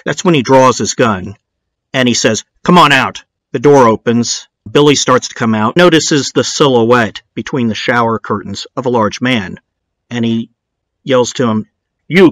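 A man's voice: medium pitch, no echo. A man narrating a true-crime documentary in a casual storytelling way, dropping in blunt, swearing asides.

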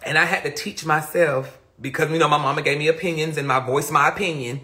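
A man's voice: a little high, fairly even intonation, fast talker, bright, forceful tone. A young man hosting a live stream, talking in a casual, rambling way that often trails off into mutters and questions himself. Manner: reflective, self-questioning. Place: indoors, streaming from a phone. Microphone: phone mic.

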